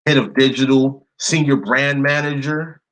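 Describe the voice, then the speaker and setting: A man hosting an online video, slowly reading long word lists off his screen and breaking in with blunt, indignant remarks. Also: medium pitch, steady tone, a bit bright. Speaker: video host. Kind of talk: screen-share commentary reading from a list.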